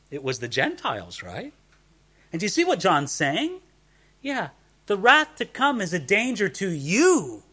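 A man preaching a sermon, animated and conversational, often asking rhetorical questions. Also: high-pitched, measured pace, slightly rough. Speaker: pastor.

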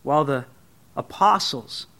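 A male preacher giving an animated sermon, addressing his listeners as friends and acting out the quotes he reads. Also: a little high, unhurried, vocal fry.

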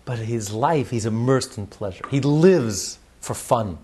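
A man's voice: mid-range voice, unhurried, slightly rough. A man teaching on a religious text, repeating his words and telling stories with frequent laughter. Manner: repeats words, laughs often, lively storyteller.

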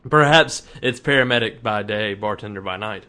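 A man's voice: on the low side, moderate pace, pushed and bright. A man co-hosts a casual fan podcast, talking loosely and thinking aloud. He rambles and restarts his sentences as he goes. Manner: chatty, rambling with restarts and hedges. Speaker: podcast co-host.

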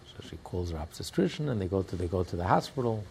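Rabbi guy teaching, low gravelly voice, storytelling, yells and laughs here and there. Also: lively intonation, fast, slight background noise. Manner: storytelling, bursts into shouts and laughter. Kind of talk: animated Torah class with storytelling.

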